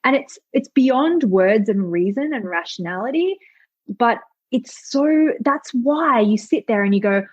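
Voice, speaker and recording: Husky, candid woman guest chatting. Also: fairly high pitch, expressive, unhurried, dry recording. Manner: candid, swears freely, acts out quoted thoughts. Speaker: money mindset coach, podcast guest. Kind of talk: casual interview chat. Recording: slightly dull lo-fi audio.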